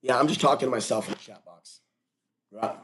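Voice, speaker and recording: A man talks straight to his livestream viewers in an erratic, rambling monologue. He jumps from one topic to the next, his voice sitting at an ordinary middle pitch, and now and then he flares up into loud outbursts. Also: brisk, a little hiss or hum. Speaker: livestream host.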